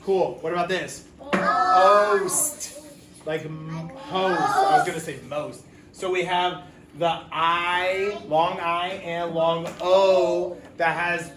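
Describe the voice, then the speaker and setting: Slowly and steadily, a male teacher with a slightly high voice sounds out letters for children in a phonics lesson, staying patient throughout. The recording, made in a classroom, picks up room echo and background noise from a distant mic.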